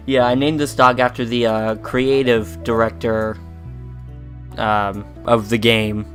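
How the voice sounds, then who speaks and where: A playful, self-mocking man chats casually while streaming a game in a mid-pitched voice. His live commentary has faint game music running under it. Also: level tone, takes it slowly, fairly bright tone. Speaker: Twitch streamer. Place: home streaming setup.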